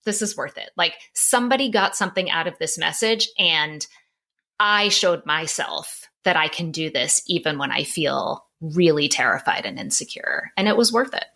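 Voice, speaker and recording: A middle-aged woman, a psychologist, telling a candid personal story on a podcast, open and animated. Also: deep voice, normal speed, creaky. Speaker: psychologist and author guest.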